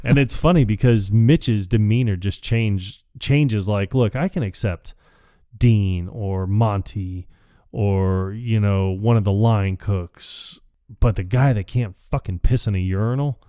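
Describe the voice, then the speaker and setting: A man's voice: fairly low pitch, a little slow, dark tone, no room sound, studio quality. A man co-hosting a podcast, casually recapping a comedy film, swearing freely and acting out characters' lines. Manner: profane, acts out quoted lines. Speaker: podcast co-host. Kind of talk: casual movie recap chat.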